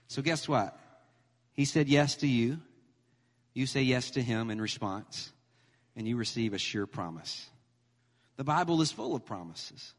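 A man in his thirties preaching a sermon as pastor, animated and emphatic, mixing humor with scripture. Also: mid-range voice, a little slow, pauses often. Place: church sanctuary. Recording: long hall reverb.

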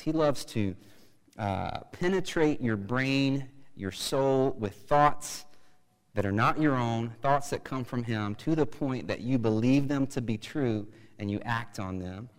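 A man preaching a sermon, chatty and joking, rising to loud emphatic bursts. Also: mid-range voice, big-room sound, poor audio. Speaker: pastor.

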